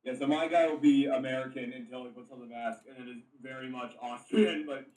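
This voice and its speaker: A man's voice: medium pitch, steady tone, fairly quick, darkish tone, far from the mic. A man chatting casually with friends as a player planning his character, laughing and rambling. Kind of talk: casual chat among friends. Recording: roomy sound from off the mic.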